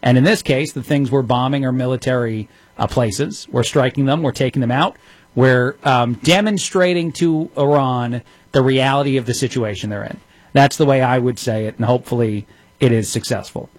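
A sarcastic male radio host in his thirties, talking through the news with plenty of ums and uhs. His voice sits at an ordinary middle pitch, and the studio sound is dry and close. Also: no room sound. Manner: sarcastic, rapid-fire delivery with frequent fillers. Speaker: radio talk show host. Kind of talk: opinionated radio commentary.

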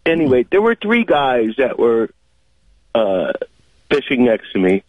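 A radio talk show caller spins a long, chatty story packed with fillers, coming through a tinny phone line. His mid-range voice swings widely in pitch, he talks a little slowly, and there's no echo.

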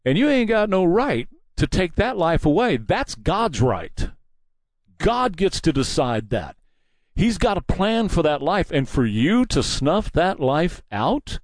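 Combative man with a lively voice. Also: on the high side, normal speed, dry recording. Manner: combative, preachy, mocking. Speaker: talk show host. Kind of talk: political commentary monologue.

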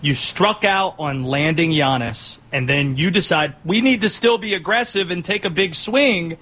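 A man's voice: a little high, moderate pace, bright, forceful tone. A man hosting a sports radio show, teasing his co-hosts dryly and steering the segments.

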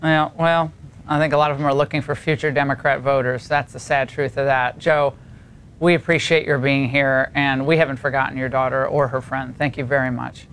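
A man's voice: medium pitch, fairly even intonation, brisk, fairly bright tone, a little hiss or hum. A man hosting a cable news show, interviewing guests in an emphatic, indignant way. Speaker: TV news host.

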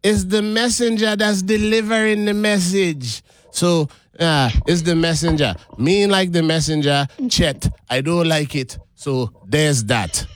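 Sarcastic man co-host, slightly high voice. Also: a little slow, no room sound, clean studio sound. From Caribbean. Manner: teasing, sarcastic, laughs between points. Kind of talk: casual chat show banter.

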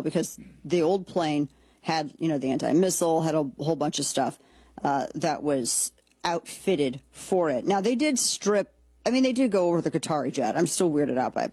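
A woman hosts a political talk show with a slightly husky voice, recorded dry and close to the mic. She talks in a sarcastic, blunt, joking way and often restarts her sentences as she thinks aloud. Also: low voice, fairly quick, dark tone, no room sound. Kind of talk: opinionated political commentary.

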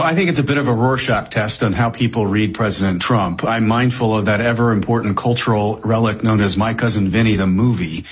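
A man giving measured, discursive analysis as a guest on a political news show. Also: mid-range voice, slightly rough. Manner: measured, discursive, frequent hedging. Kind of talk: analytical commentary.

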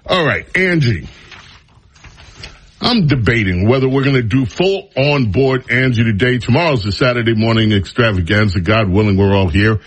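A man's voice: mid-range voice, normal speed, husky. A male radio talk show host giving an opinionated, mocking monologue. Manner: mocking, drawling, animated.

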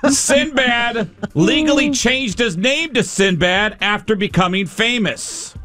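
Bright-voiced, animated radio game host. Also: male voice, very high voice, slow, faint music behind. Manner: playful, teasing quizmaster. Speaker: radio show host running a call-in trivia game. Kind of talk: radio call-in game hosting.

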